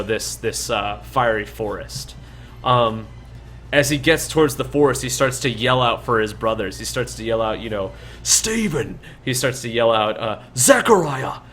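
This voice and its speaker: A man's voice: medium pitch, fairly bright tone, a little hiss or hum. A man narrating as dungeon master, rambling with many fillers and restarts. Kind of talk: narrating a tabletop game.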